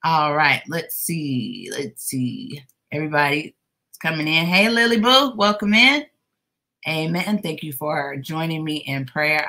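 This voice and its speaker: A livestream host with a low voice and sharp tone crochets during a casual craft stream. She welcomes each viewer by name, teasing them playfully and laughing along.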